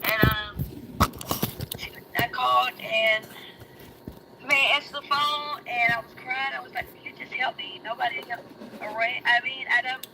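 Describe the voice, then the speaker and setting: A woman sharing her recovery story in casual chat, emotional and rushed, her voice cracking high. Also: background noise. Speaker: guest. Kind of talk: casual personal testimony.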